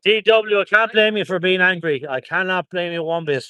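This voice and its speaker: A man's voice: high voice, normal speed, bright, forceful tone, clean tone, dry recording. An Irish man chatting on a live stream, reading out viewer comments and thanking viewers by place in an upbeat way, outdoors at a protest on a phone held close. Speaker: livestreamer.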